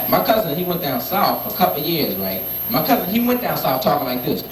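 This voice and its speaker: A teenage boy working a stand-up set, his pitch swinging widely as he tells stories and jumps into the voices of the people in them. He sounds far from the mic in an echoey club, with loud hiss and room noise behind him. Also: quick pace, few pauses. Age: teens. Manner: animated storytelling with many acted-out voices. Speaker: stand-up comedian. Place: comedy club stage.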